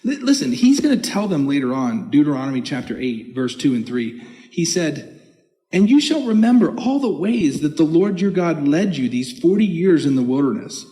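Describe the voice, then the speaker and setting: Pastor preaching in a reverberant church hall. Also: male voice, a little high, moderate pace. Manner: animated preaching with short laughs; reads scripture aloud in old-fashioned wording. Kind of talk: sermon. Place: church sanctuary.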